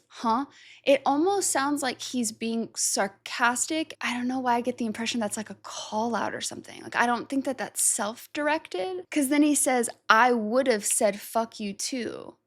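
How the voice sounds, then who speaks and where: A woman hosting a music reaction video, thinking aloud, unsure of herself, and trailing off into self-doubt. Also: high-pitched. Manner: reads lyrics aloud slowly. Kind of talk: casual reaction commentary.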